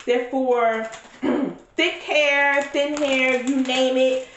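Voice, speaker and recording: A blunt, outspoken woman sharing her opinions in a casual vlog. She talks freely and swears often, with a slightly high voice. The room around her is echoey and live. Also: extremely slow, slight background noise. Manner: blunt, profane, animated. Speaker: vlogger reviewing a reality show.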